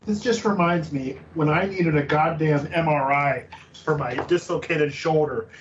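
A man's voice: fairly high pitch, normal speed, highs cut off, a little hiss or hum. A man calling in, furious and swearing, then apologizing. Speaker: caller. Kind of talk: angry call-in.

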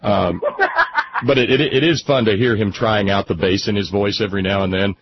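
A man's voice: fairly low pitch, brisk, very noisy. Joking male radio host, dull radio sound. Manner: relaxed, joking reassurance. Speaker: radio talk show host. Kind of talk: casual radio chat.

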